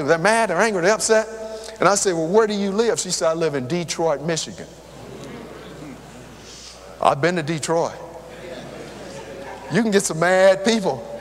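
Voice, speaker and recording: An older man preaching a sermon, telling personal stories and talking straight to the congregation. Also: on the high side. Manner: lively, conversational, talks straight to the crowd. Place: church hall. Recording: long hall reverb.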